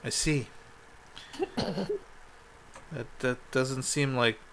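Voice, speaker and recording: A man's voice: medium pitch, steady tone, drawn-out words, a bit bright, slight background noise. A man voicing a regal queen who speaks in a formal, stately way.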